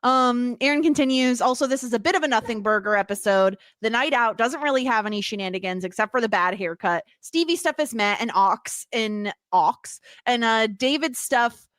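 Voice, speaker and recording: A woman co-hosting a casual podcast chat, animated and quick to laugh, often teasing herself. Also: on the high side, no room sound, studio quality. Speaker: podcast co-host.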